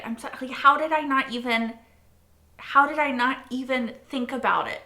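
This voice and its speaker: A woman hosting a casual reaction video, animated and frequently swearing, repeating phrases as she talks things through. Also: high-pitched, moderate pace. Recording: roomy echo.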